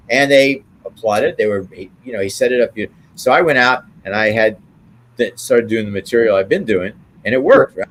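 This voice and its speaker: A man's voice: on the low side, normal speed, a bit bright, a little hiss or hum. An older man, an interview guest, telling rambling show-business stories and checking in with "right?" as he goes. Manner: rambling, tags remarks with "right?". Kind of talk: anecdotal storytelling.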